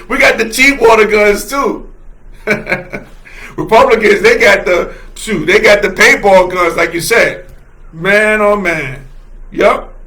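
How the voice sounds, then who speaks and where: A man's voice: high voice, sharp tone. A man hosting a solo livestream, talking with passion and heavy emphasis, laughing often and repeating himself as he reads viewer comments. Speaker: host.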